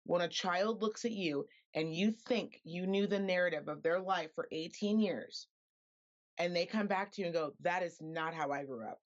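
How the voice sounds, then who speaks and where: A woman's voice: lowish voice, moderate pace, muffled recording. A woman from Reno speaking as a podcast guest in an earnest, impassioned way, repeating points for emphasis. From Reno, Nevada, US. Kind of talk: earnest conversation.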